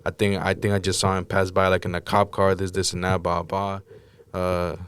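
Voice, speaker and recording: A man on a podcast telling a story in casual, blunt, profane speech, acting out the moments when he shouted. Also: sits low, monotone, normal speed, slight background noise. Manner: blunt, profane, acts out his own shouting. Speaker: podcast guest recounting a crisis.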